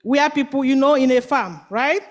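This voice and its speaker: High-voiced woman telling a kids' story. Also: normal speed. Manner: animated, quizzing listeners with "what?" questions. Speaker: children's storyteller at church. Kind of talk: children's story with call-and-response. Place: church.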